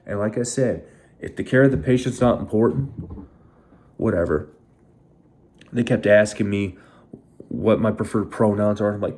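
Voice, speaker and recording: Bitter, swearing young man, low voice. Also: moderate pace, a little mellow. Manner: angry, heavily profane, bitter. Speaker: veteran. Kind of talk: emotional first-person storytelling.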